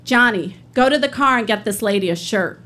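A woman voicing a kind older female visitor, gentle and reassuring. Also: fairly high pitch, lively intonation, a little fast.

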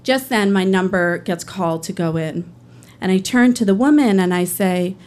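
A woman's voice: mid-range voice, normal speed, a little mellow. A woman and public defender telling a personal story on stage, conversational, earnest and emotional.

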